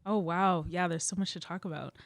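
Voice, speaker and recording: Young female guest, animated storyteller, low-set voice, dry booth sound. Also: fairly quick, no room sound. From Edmonton, Canada. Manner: animated storyteller, laughs often, lots of "like". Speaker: guest musician. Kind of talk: casual interview chat.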